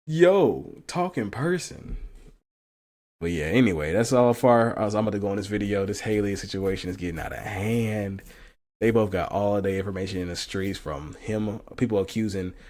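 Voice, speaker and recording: A man's voice: lowish voice, brisk, a little mellow. A man hosting a casual reaction commentary, talking bluntly with profanity and frequent laughs. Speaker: commentary channel host.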